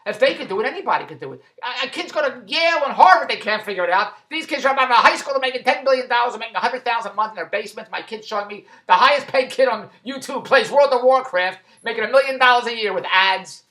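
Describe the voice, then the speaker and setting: Fast-talking rambling male vlogger. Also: very high-pitched, pushed and bright. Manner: rambling, repetitive, stumbling restarts, self-amused. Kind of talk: rambling monologue vlog.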